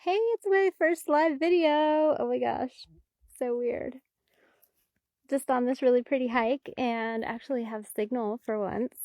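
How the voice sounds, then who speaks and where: A woman's voice: high voice, unhurried, a little mellow, no room sound. A woman on a live stream from a mountain trail, out of breath from walking uphill, chatting casually and using baby talk with her dogs. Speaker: dog owner vlogger. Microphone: phone held selfie style.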